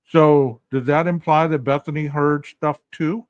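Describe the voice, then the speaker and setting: A man's voice: fairly high pitch, moderate pace, few pauses, no echo, lo-fi sound. A man hosting a casual commentary podcast, asking his listeners rhetorical questions directly. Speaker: podcast host.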